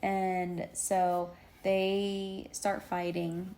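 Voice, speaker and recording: A woman's voice: mid-range voice, little pitch movement, extremely slow, mellow, slight background noise. A woman co-hosting a podcast, recapping at length in casual chat with many fillers. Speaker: podcast co-host.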